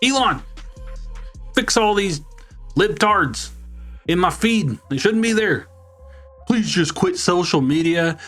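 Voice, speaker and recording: A man's voice: on the high side, expressive, slow pace, fairly bright tone, soft background music. A man voicing a mocking caricature of an indignant conservative man with an exaggerated Southern accent. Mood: whiny demanding. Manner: mocking, exaggerated whiny drawl.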